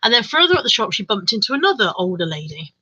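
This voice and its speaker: Bright, chatty woman streaming. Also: medium pitch, big pitch swings, fast, husky, muffled recording. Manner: chatty, jokey, laughs often. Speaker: livestream host. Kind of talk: casual chat reading out live comments.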